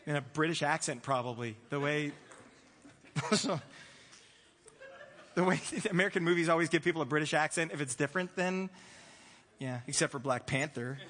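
High, bright-voiced preacher in a reverberant hall. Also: male voice, fast talker. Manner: animated, playful, acts out the disciples' voices. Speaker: pastor. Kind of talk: sermon.

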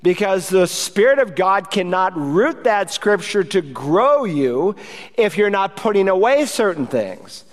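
A male pastor preaches with urgency and emphasis, his voice sitting somewhat high for a man. The sermon rings through a church sanctuary with a long trailing reverb. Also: sing-song, measured pace.

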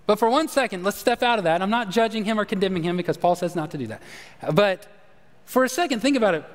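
Preaching to his church, this pastor speaks quickly and expressively in a high, light voice, and the sanctuary's big-hall reverb lingers on every word. His sermon moves from conversational storytelling to low, hushed moments that hammer his points home.

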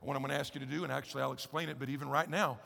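A man's voice: medium pitch, steady tone, very fast, vocal fry, pushed and bright. A man preaching a sermon as a pastor, emphatic and conversational, often telling listeners to listen. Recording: reverberant hall sound.

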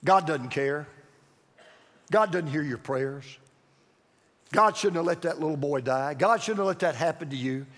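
A man voicing the devil as a sly male figure whispering lies, in a low, hushed, insinuating tone. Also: measured pace, pauses often, long reverb tail.

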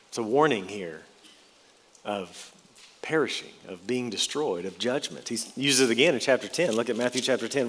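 A man preaching a sermon and reading scripture aloud, slowing down and stressing key words in an earnest way. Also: medium pitch. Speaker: pastor. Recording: long reverb of a large hall.

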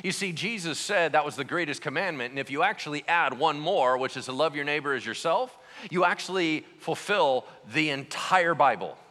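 A man preaching a sermon as pastor, conversational and animated, asking his listeners questions as he goes. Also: on the high side, normal speed, in a large hall.

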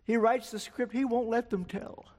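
A man's voice: very high voice, steady tone, normal speed, a little mellow. Older male preacher in a reverberant hall. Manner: storytelling, acts out quoted dialogue. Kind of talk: sermon.

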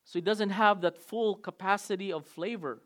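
A man as pastor preaching a sermon, emphatic, with sudden swings between loud and soft. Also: sits high, moderate pace.

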